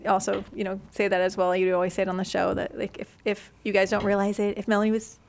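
A middle-aged woman guest telling stories in a casual studio chat, animated and full of fillers. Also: medium pitch, fast, vocal fry, slight background noise. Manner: chatty, animated storyteller with many fillers.

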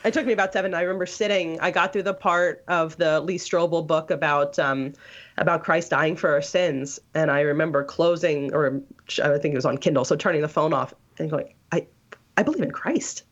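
A woman's voice: deep voice, steady tone, brisk. A woman telling her story in a casual interview, rambling, with many restarts and fillers. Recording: dull lo-fi audio.

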